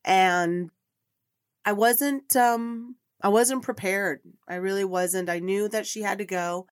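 A woman's voice: mid-range voice, dry recording, studio quality. A middle-aged woman hosting a podcast, telling a personal story in an earnest, rambling, emotional way. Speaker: podcast host.

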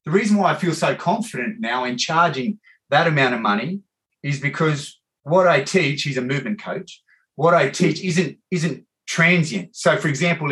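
An Australian man hosting a casual podcast chat. He tells animated, rambling stories and calls people "mate" often. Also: medium pitch. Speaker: podcast host.

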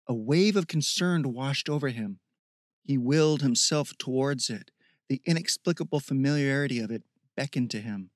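A man's voice: mid-range voice, dry recording, studio quality. Man narrating a fantasy audiobook. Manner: measured, evocative reading. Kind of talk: scripted narration.

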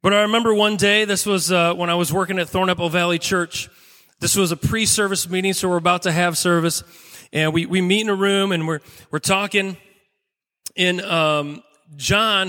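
A male pastor delivers a sermon in a high, bright voice, telling stories earnestly and pausing for weight. His words ring out with a long reverb, as in a large church hall. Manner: earnest storytelling with dramatic pauses.

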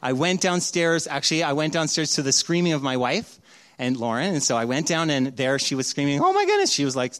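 A middle-aged male pastor preaching a sermon, telling stories animatedly and acting out the voices, dropping from loud to hushed. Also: fairly high pitch, a little fast.

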